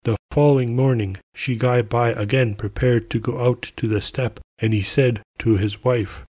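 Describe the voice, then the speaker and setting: A man narrating a folk tale aloud for a podcast in a calm, measured way. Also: mid-range voice, slightly rough, no echo. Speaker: podcast storyteller.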